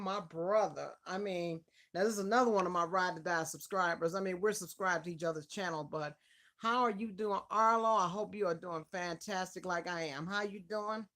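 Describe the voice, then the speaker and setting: A woman hosting a casual live stream interview from home. She is effusive and warm toward her regulars, calling out viewers by name as she waits to begin. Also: mid-range voice.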